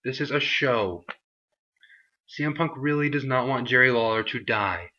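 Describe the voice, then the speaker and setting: A man's voice: medium pitch, moderate pace, sharp tone, highs cut off. A young man reviewing a wrestling show in a casual vlog, rambling with many fillers and mocking put-on voices for the people he quotes.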